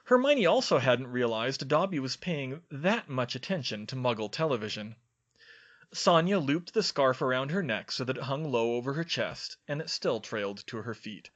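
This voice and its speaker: A man narrates a storybook in a bright, crisp voice at a middle pitch. He reads steadily and evenly. The recording sounds a little dull and lo-fi. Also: lively intonation, moderate pace. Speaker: audiobook reader.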